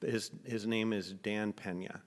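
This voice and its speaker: Blunt, animated man telling a story. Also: on the low side, unhurried, big-room sound. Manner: animated, blunt storyteller who acts out dialogue. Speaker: artist guest. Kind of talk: casual storytelling. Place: studio.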